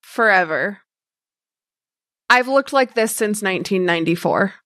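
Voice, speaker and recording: A woman playing a tabletop role-playing game, unhurried and sardonic. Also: mid-range voice, lively intonation, a bit bright, no room sound, clean studio sound. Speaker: player. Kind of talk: tabletop role-play, in and out of character.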